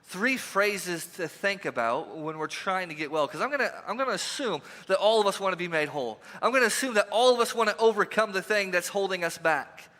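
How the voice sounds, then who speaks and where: Male pastor, high sharp voice, casual sermon full of repeated questions, long hall reverb in a church. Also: lively intonation, brisk, hardly any pauses. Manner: conversational, repeats rhetorical questions, joking asides. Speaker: lead pastor. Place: church sanctuary.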